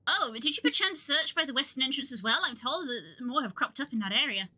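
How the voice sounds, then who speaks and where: A woman's voice: sits high, animated, fast, sharp tone, heavily acted. A woman reading out a courteous quest-giving character. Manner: polite, old-fashioned phrasing. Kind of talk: reading game dialogue aloud.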